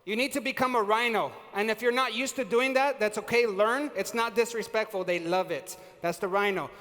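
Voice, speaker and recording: A man giving an energetic live seminar on sales and leadership, quizzing the audience and using casual slang. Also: sits high, brisk. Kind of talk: live motivational seminar talk. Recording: reverberant hall.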